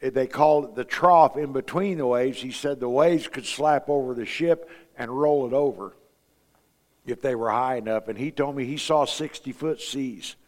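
A man's voice: mid-range voice, moderate pace, a little mellow, big-room sound. A man preaching a sermon in a folksy, storytelling way, asking his congregation rhetorical questions. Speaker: pastor.

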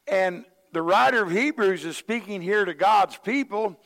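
A man preaches a sermon in a folksy, storytelling way, slipping into the voices of the people he quotes. His voice sits a little high for a man. The sound rings with the long reverb of a large hall. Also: moderate pace, a bit bright. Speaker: pastor.

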